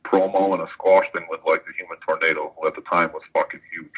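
A man with a very low, deep voice tells a story in a loose, rambling way. He is a wrestler answering an interview question, swearing freely and leaning on "like" as filler. The talk is casual and conversational. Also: level tone, quick pace, a bit bright, husky, low-quality recording. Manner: rambling, profane, full of fillers like "like". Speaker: professional wrestler guest.

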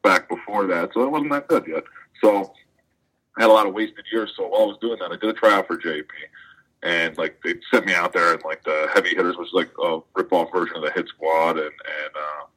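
Deep-voiced man telling a rambling story. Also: brisk, a bit bright, breathy edge, rough recording. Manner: rambling, profane, full of fillers like "like". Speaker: professional wrestler guest. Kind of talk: casual storytelling interview.

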